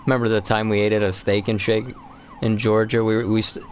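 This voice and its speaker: A man's voice: fairly low pitch, flat delivery, fairly quick. A young man co-hosting a live stream, telling rambling stories in a casual, profane chat while he plays a game. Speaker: streamer co-host.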